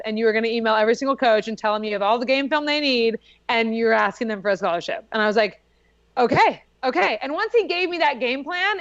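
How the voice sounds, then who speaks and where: Young woman, podcast guest, casual chatty storytelling, lots of "like", fairly high voice, dry dull lo-fi recording. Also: a bit bright, dry recording. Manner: chatty, lots of "like", laughs while telling.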